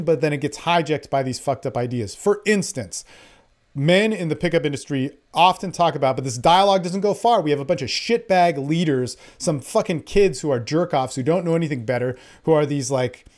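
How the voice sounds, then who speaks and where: A man's voice: mid-range voice, darkish tone. A man who works as a dating coach, talking in an angry, profane, rambling monologue. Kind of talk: impassioned monologue.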